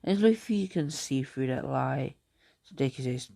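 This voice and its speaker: A man casually making up and telling a fan story, halting and rambling with many restarts. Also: medium pitch, animated, gravelly, warm tone, dry recording, clean studio sound.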